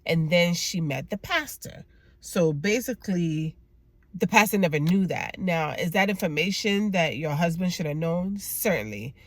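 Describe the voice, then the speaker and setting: A woman hosting a casual TV episode review, telling the story in an animated, chatty way and acting out the characters' lines. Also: fairly low pitch, moderate pace, dry recording. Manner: chatty with repeated emphatic words. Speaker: YouTube TV recap host and clinician.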